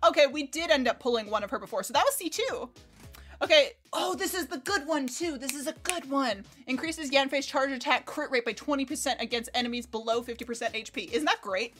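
A young American woman streaming a game in casual chat, excitable, swearing freely and laughing often. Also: sits high, brisk. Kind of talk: casual livestream gameplay chat. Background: faint game music.

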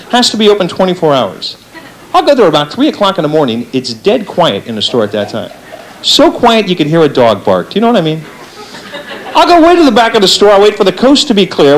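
A man doing a stand-up comedy routine on stage, talking to the audience with an animated delivery and acting out little voices. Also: slight background noise, rough recording. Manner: lively, animated delivery with big pitch swings and acted-out voices. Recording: live stage set with audience laughter. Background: faint audience laughter.

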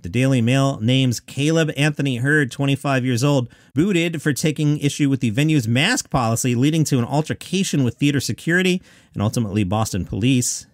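A man's voice: medium pitch, fairly quick, no echo, clean studio sound. A man hosting a daily comedy news podcast, reading out quotes and adding wry asides. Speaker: podcast host.

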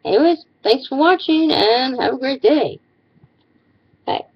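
A woman's voice: sits high, animated, a little slow, husky, lo-fi sound. A woman vlogger with a put-on Irish accent, ranting theatrically to camera in a comic persona. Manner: theatrical, sing-song Irish-persona delivery.

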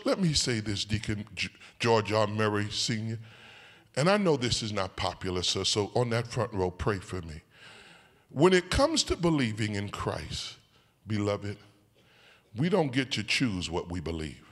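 A man preaching a sermon as a bishop, swinging from soft asides to shouted, sing-song whooping lines and calling out to the congregation. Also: fairly low pitch, sing-song, unhurried. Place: church sanctuary. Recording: long church hall reverb.

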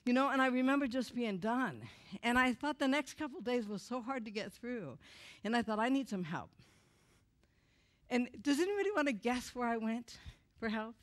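A woman giving a candid personal testimony to an audience, swinging from loud outbursts to hushed, quiet lines. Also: fairly high pitch, lively intonation. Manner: candid and self-mocking, with quick asides to the listeners. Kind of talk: emotional storytelling to an audience.

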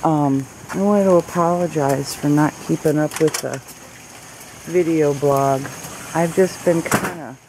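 A woman's voice: deep voice, unhurried, noisy background. A woman chatting casually on a home video blog, filming with a handheld camera and cooing in baby talk to her pets. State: unwell, recovering from illness. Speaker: vlogger. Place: home, in and out of doors.

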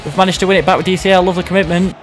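A young man commentating on his own football video game match, excitable and self-mocking, reacting loudly to each play. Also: high-pitched, racing, soft background music. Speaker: gaming YouTuber. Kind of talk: live gameplay commentary.

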